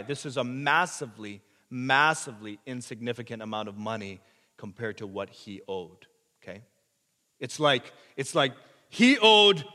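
Emphatic male preacher in a reverberant hall. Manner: swings between hushed asides and loud, high-pitched emphatic preaching. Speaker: pastor. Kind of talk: sermon.

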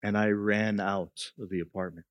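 A man's voice: on the low side, fairly even intonation, normal speed, dry recording. Man preaching a story with rising passion. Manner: builds from quiet storytelling to impassioned preaching. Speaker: pastor. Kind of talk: sermon.

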